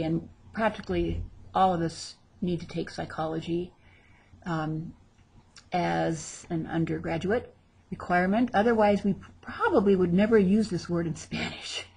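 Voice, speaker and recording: A woman teaching a vocabulary lesson, drawing out each word slowly as she models pronunciation. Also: lowish voice, darkish tone, slightly rough. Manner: slow, drawn-out model pronunciations. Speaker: Spanish teacher.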